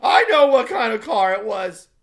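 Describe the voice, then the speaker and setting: A man reading aloud voices a frantic, grieving man who shouts his accusations in a strained voice. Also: very high-pitched, very animated, normal speed, vocal fry, pitched above the performer's own voice, exaggerated voice.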